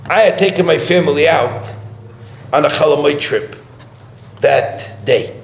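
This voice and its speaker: A man's voice: fairly high pitch, a little slow, vocal fry. A middle-aged man, a rabbi, telling a story in a sermon and acting out its dialogue with animation. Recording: echoey room, faint background hum.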